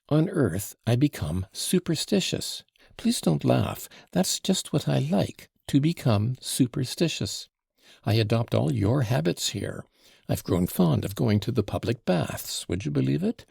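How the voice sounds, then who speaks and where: A man voicing the devil in an audiobook, a fawning gentleman visitor who mocks in mock-polite, ingratiating tones. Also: mid-range voice, animated, unhurried, vocal fry, slightly rough, no echo, studio quality, exaggerated voice. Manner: mocking, fawning, mock-polite, with French flourishes. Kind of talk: audiobook character reading.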